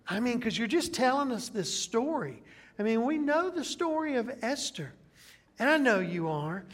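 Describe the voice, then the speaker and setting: A male pastor preaching a sermon, retelling a Bible story with animated, dramatic delivery. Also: high voice.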